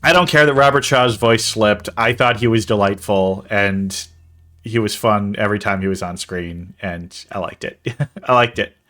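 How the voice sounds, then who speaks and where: A man's voice: lowish voice, moderate pace, sharp tone. A man hosting a casual movie-review podcast, rambling and laughing at his own puns. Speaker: podcast host.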